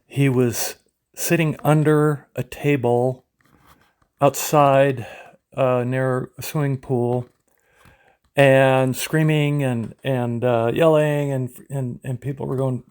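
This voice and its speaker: A man in his seventies from California, telling rambling memories of his youth, halting often as he searches for names. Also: mid-range voice, steady tone, a little mellow, smooth, dry recording. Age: 70s. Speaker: memoirist. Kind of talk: reminiscing memoir narration.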